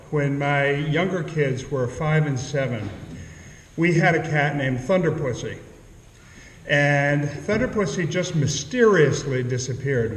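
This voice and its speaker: A middle-aged man telling a humorous story on stage, in a dry, understated way. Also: medium pitch. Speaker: storyteller, local author. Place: town hall stage. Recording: echoey hall, distant mic.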